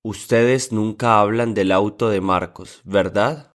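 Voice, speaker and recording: A man with a somewhat low voice reads example sentences for a language lesson. He says each one twice in a calm, measured way.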